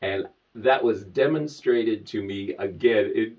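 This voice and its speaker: A man telling lively stories to camera, laughing often and breaking into high squeals. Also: a little slow, recorded from a distance, muffled recording. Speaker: vlogger. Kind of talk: casual storytelling to camera.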